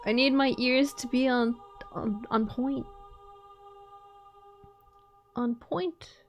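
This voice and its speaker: Slow, playful woman streamer. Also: high-pitched, fairly even intonation, dull audio, soft background music. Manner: playful, rambling, giggly. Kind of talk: casual gameplay chat.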